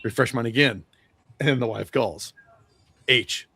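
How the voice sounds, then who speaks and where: As a podcast guest or co-host, a man tells a profane, rambling travel story, acting out the people he met with quoted dialogue. His medium-pitched voice is a little slow, bright, forceful, and slightly rough, with vocal fry.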